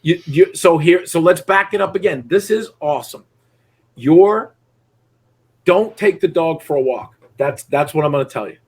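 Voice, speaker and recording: A middle-aged man coaches a dog-training student in a blunt, profane way. His voice is husky and sits a little high, and he slips into voices for dogs and people as he explains. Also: lively intonation, moderate pace. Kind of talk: live coaching session.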